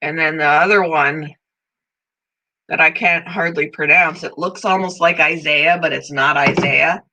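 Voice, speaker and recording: A woman's voice: low-pitched, fairly even intonation, measured pace, a little hiss or hum, rough recording. A middle-aged woman hosting a casual live-stream chat, congested and tired, talking easily with viewers by name. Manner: chatty, talks to viewers by name, coos softly over pets. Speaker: channel host.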